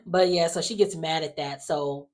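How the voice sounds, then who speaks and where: A soap opera recap vlogger with a low-pitched, darkish voice casually walks through an episode, using lots of fillers and acting out the characters' lines as she goes.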